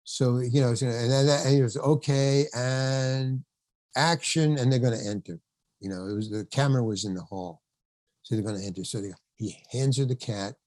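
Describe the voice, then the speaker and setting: As a podcast interview guest, an older male actor meanders through a story from backstage, voicing the quoted lines himself, often laughing and sometimes swearing. The recording is dry, and his medium-pitched voice is darkish at a normal speed.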